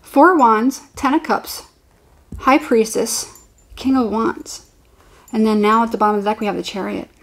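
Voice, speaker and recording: A woman reading tarot cards in a casual, chatty way, with a voice that sits a little higher than most. She gets excited easily and rambles, often restarting her sentences. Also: normal speed, long pauses, slight background noise, rough recording. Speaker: tarot reader.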